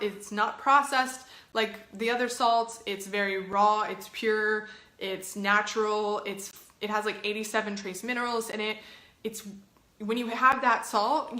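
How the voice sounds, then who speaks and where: A woman's voice: mid-range voice, sharp tone, echoey room. A woman health coach talking casually to camera, chatty and encouraging, with lots of filler words.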